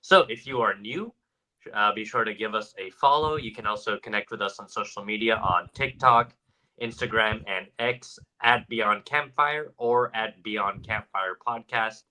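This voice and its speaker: A man from Georgia co-hosting a casual paranormal podcast, relaxed and quick to chuckle. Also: fairly low pitch, low-quality recording. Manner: laid-back, chuckling reactions. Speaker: podcast co-host.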